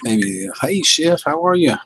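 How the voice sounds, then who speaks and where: A man's voice: a little high, sing-song, normal speed, fairly bright tone, husky, poor audio. A man, hosting a casual livestream and reading out and answering viewer comments in a folksy way. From Southern United States. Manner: folksy, reads chat comments aloud. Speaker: livestream host.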